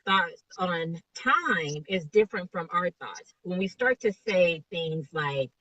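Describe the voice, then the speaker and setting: Low, husky woman coaching over a distant call. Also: expressive, slow, pushed and bright, no echo, dull audio. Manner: explains with rhetorical questions. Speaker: life coach guest. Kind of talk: motivational interview talk.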